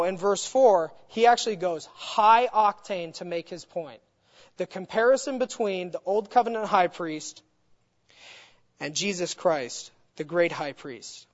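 Emphatic Bible teacher in an echoey hall. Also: medium pitch. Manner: emphatic, builds points through repetition. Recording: echoey hall, dull lo-fi sound.

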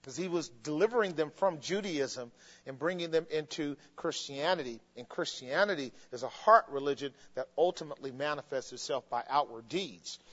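A man preaching a sermon in an animated way, laughing and mimicking voices as he goes. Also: fairly high pitch, normal speed. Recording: muffled long reverb in a hall.

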